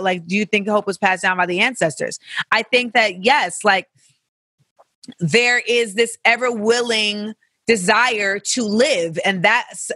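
Bright, candid podcast host. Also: medium pitch, no echo, clean studio sound. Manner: candid and profane, riffing with playful tangents. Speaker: podcast host answering listener questions. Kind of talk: casual reflective chat.

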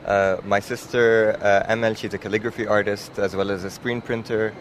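A man from the United Arab Emirates answers interview questions outdoors at a design event. He talks in a relaxed, easygoing way, full of fillers, and his voice sits fairly low. Faint traffic hum runs behind him. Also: normal speed. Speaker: designer guest.

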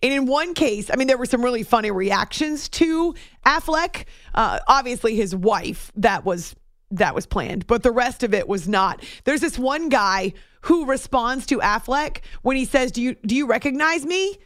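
Bubbly woman radio host, kinda high voice, dry close sound, jokes on herself. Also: animated, measured pace, no echo. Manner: chatty, self-deprecating, laughs often. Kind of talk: casual morning show chat.

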